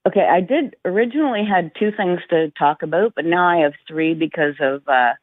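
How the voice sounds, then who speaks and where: A woman's voice: lowish voice, fairly quick, dry recording. A Canadian woman phones in to a talk show and stumbles through her story with lots of ums and uhs. Her voice comes through a narrow, phone-like line with a dry sound. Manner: hesitant, with many fillers. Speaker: caller. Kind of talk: phone-in chat.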